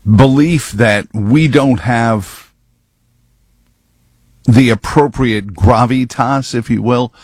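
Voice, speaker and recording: A man's voice: lowish voice, slow, a little mellow, no echo. A man giving rambling, sarcastic political commentary full of wordplay.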